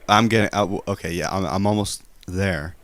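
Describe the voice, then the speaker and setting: A man's voice: low voice, a little fast, a bit bright. A man on a live stream prank call, telling a rambling, hesitant story and defending himself in a mock-earnest tone. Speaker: prank caller.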